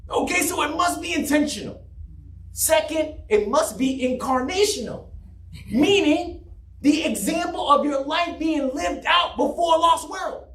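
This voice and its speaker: A man preaching a sermon as pastor, emphatic and often shouting, in a church. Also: very high-pitched, measured pace. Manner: mocks a flat monotone preacher for effect. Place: church sanctuary. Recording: echoey room from a distance.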